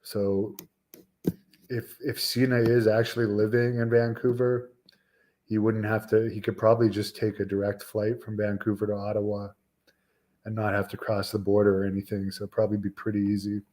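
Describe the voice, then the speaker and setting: A man in his forties hosts a wrestling talk live stream, answering viewers in a casual, rambling chat full of fillers and restarts. His voice is lowish and darkish, delivered flatly at normal speed.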